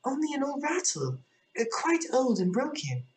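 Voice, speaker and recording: A woman doing prim young Alice, high and pleading. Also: big pitch swings, a little mellow. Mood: earnest. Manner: high, pleading, slowed delivery.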